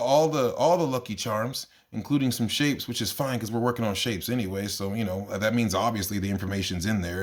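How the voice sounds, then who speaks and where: A man with a middling, everyday pitch tells stories from his kindergarten class in a loose, chatty monologue. He sounds exasperated and animated, and his voice leaps up whenever he quotes what he said to the kids. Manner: animated, exasperated, jumps into high voices when quoting himself. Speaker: kindergarten teacher. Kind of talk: casual storytelling monologue.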